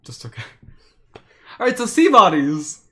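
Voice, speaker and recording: A man streaming, retelling a story in a casual, animated way with lots of fillers. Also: high voice, a little slow. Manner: animated retelling, with many fillers and acted quotes.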